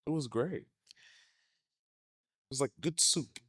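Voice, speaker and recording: A man co-hosting a podcast in casual chat, animated and quick to jump into high mock voices. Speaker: podcast co-host.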